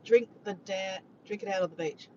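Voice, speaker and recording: A woman's voice: medium pitch, normal speed, darkish tone, dull audio, slight background noise. An Australian woman chatting casually with her viewers while driving, filmed on a phone. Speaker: vlogger. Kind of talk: casual chat to a live chat. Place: in a car. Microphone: phone camera.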